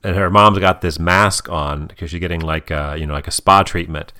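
A man co-hosting a casual family podcast as the dad, telling stories in an animated, playful way. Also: low voice, moderate pace, smooth. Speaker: podcast co-host and father.

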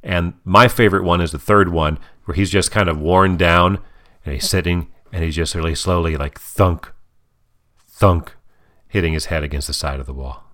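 A man co-hosting a casual family podcast as the dad, telling stories in an animated, playful way. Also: low voice, brisk. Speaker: podcast co-host and father.

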